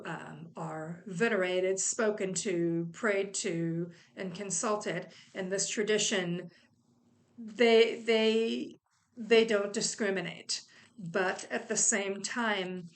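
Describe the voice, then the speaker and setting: A woman with a mid-pitched voice talks through a book review in a relaxed, conversational way. She sounds chatty and enthusiastic, and she recommends the book warmly. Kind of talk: casual video book review.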